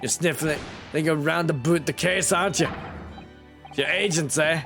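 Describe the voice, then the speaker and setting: A man's voice: on the high side, moderate pace, vocal fry, a bit bright, faint music behind, voice pushed up. A man voicing a burly, blustering male prison governor in a put-on Glaswegian Scottish accent while playing a game. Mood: threatening.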